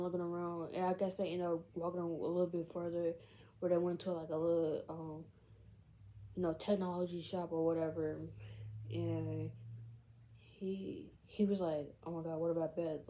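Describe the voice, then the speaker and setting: A woman's voice: lowish voice, little pitch movement, normal speed, dark tone, a little hiss or hum, rough recording. A woman casually retelling a film's plot in a rambling way, filling every gap with "like" and "you know". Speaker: film recap vlogger.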